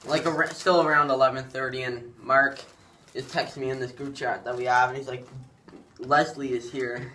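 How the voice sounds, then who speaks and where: Chatty young man, bright voice, distant mic. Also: mid-range voice, little pitch movement, brisk. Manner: rambling, many "like" fillers. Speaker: YouTuber. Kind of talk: casual storytelling chat. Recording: distant mic with faint background noise.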